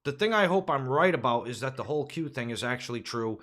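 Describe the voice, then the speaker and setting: A man's voice: mid-range voice, expressive, fast, a bit bright. A man hosting a political podcast, ranting with profanity and rhetorical questions. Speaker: podcast host. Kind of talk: casual political podcast rant.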